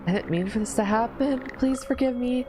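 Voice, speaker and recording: A woman voicing a desperate, guilt-ridden young woman who pleads in a voice pitched above her own. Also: brisk, over music, lightly acted. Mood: pleading.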